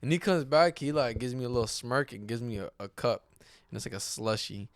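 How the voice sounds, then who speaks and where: A man in his twenties co-hosting a podcast, telling stories in an excitable, casual way and laughing along. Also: medium pitch, fairly quick, no room sound, clean studio sound. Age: 20s. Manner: excitable, animated storytelling, laughs. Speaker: podcast co-host. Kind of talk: casual chat.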